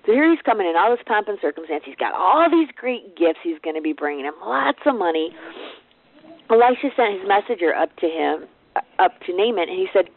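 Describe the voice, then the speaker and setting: A woman's voice: mid-range voice, sing-song, normal speed, dry recording. A woman giving an informal devotional to a business team, retelling a Bible story in a casual, conversational way with offhand asides. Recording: tinny phone-like, dry sound.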